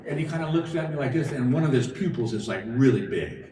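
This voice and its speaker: A man's voice: mid-range voice, expressive, quick pace, few pauses, crowd noise. A middle-aged man telling folksy stand-up stories on a casino stage, acting out both sides of each conversation. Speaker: stand-up comedian. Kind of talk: stand-up storytelling. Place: large casino theater stage. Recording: roomy live hall from far off. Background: audience laughter.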